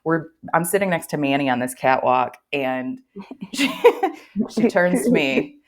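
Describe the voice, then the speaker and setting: Woman, low voice, young adult, podcast co-host, chatty storyteller, lots of "like" and "um". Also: expressive, unhurried. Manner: chatty, fillers, laughs while telling.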